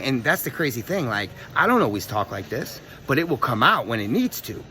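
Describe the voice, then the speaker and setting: A young man telling a story in a casual, profane, animated rant full of street slang. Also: medium pitch, brisk, slight background noise. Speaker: vlogger.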